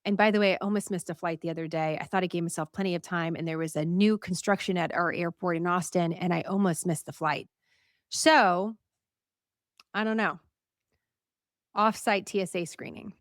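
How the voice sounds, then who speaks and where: A woman hosting a news show, talking casually to a live audience in a chatty, animated way, laughing and asking viewers what they think. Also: on the low side, moderate pace, no room sound, studio quality.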